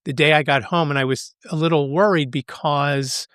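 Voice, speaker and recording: A man talks through his trip in a casual, rambling vlog, restarting sentences and laughing lightly as he goes. His voice sits a touch high for a man. The sound is dry and close, with no room echo. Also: fairly even intonation, moderate pace, a bit bright, clear, resonant tone. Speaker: podcast host.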